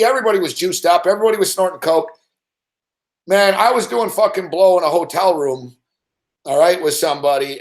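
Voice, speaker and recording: A man hosts a late-night sports betting show and tells his stories in a loose, rambling rant. He swears constantly and keeps things animated. His slightly higher-than-usual voice echoes around a hard room. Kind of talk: late-night ranting storytelling.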